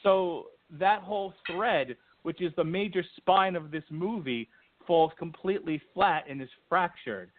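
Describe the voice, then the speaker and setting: A man on a movie-review podcast, talking in an animated, rambling way and restarting his sentences. His voice sits a bit high. He comes through a thin, phone-like line. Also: unhurried, slight background noise. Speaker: podcast co-host, film reviewer. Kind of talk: casual movie-review chat.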